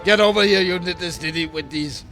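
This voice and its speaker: A man doing a squeaky, excited little creature. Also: brisk, faint music behind. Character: small excitable creature rescued from a cave-in.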